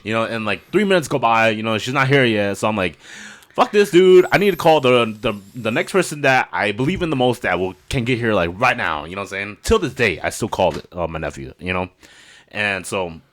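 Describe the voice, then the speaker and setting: A man, a podcast host and native Hmong speaker, telling a story in a casual, animated way, swearing often and keeping the listener hooked. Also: on the low side, a little fast. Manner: animated, profane, keeps saying "you know what I'm saying".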